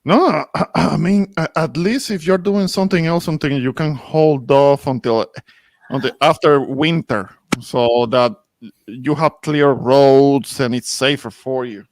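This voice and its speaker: A man's voice: medium pitch, a little slow, no room sound. Cautious man giving safety advice, dry. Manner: careful, cautionary, hesitant restarts. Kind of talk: casual chat.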